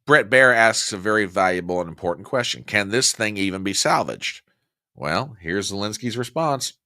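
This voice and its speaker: Fired-up man with a lively, bright voice. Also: fairly low pitch, normal speed, no echo, clean studio sound. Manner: combative, sarcastic, easily worked up. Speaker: political commentary host. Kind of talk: opinionated news commentary.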